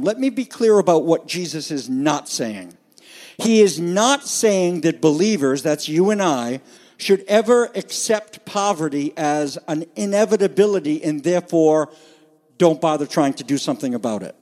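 A man's voice: on the high side, very animated, measured pace, a little mellow. A pastor delivering a conversational sermon with emphatic phrasing, explaining scripture to his congregation. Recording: long hall reverb.

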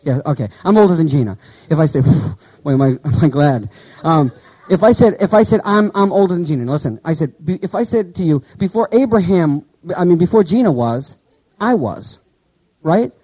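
A man preaching a sermon in a conversational way, asking his listeners questions and slowly reading out Greek words. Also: fairly high pitch, animated, warm tone, breathy edge, poor audio. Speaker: pastor.

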